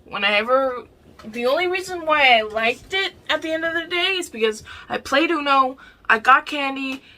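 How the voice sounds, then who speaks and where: A woman's voice: a little high, sharp tone. A young woman talking in a casual solo vlog, rambling and frank, with lots of "like" fillers and some swearing. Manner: heavy use of "like" fillers. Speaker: vlogger.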